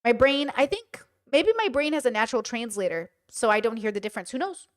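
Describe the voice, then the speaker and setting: A woman's voice: on the high side, lively intonation, a little fast. A woman hosting a livestream, chatting casually about a video with lots of fillers and restarts. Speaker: streamer host.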